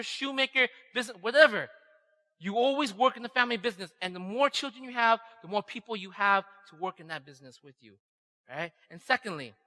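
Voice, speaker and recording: Very high-pitched and bright, his forceful voice rings through a hall with long reverb. The pastor keeps his sermon conversational, tossing in "right?" again and again and voicing the lines he quotes.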